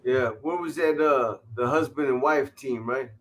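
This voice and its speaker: A man's voice: medium pitch, normal speed, fairly bright tone. A man hosting a casual podcast chat, laid-back, mostly giving short agreeing replies. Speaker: podcast host.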